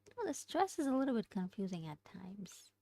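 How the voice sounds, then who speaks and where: A woman studying a language aloud, thinking out loud, hesitating and correcting herself as she works through exercises. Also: medium pitch, very animated, a little fast. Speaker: language learner streaming study session. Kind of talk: casual study-along lesson.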